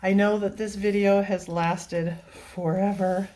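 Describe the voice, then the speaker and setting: A woman's voice: mid-range voice, level tone, slow, mellow. Gushing, teary woman vlogger. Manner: emotional, gushing, laughs often. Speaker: coloring channel host. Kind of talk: casual heartfelt vlog.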